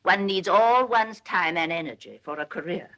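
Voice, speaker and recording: A woman's voice: on the low side, moderate pace, a bit bright, close to an everyday voice. An actress playing a proper, anxious middle-aged mother in a 1930s film, prim and emphatic, lecturing her son's new wife.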